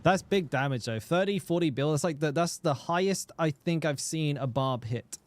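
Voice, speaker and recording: A man's voice: a little high, expressive, normal speed. Sweary man streaming a game. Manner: casual, swears freely, chats with viewers; stammers and repeats words. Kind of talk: casual live-stream chat.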